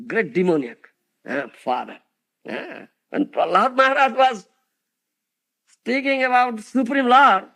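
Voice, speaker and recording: A man's voice: high-pitched, creaky, pushed and bright. A man giving a devotional lecture as a spiritual teacher, peppering it with rhetorical questions like "huh?" and "isn't it?" to his audience.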